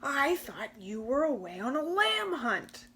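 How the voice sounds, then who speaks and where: Lady putting on a growly greedy storybook wolf, low and sly, drags it out slow. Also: sing-song, slight background noise, heavily acted. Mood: eager. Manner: growling, sometimes hushed and sly. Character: big bad male wolf, growly and greedy.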